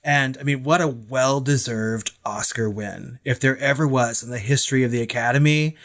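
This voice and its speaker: A man co-hosting a podcast, speaking in relaxed casual chat and hedging often with "I mean". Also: medium pitch, normal speed. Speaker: podcast co-host.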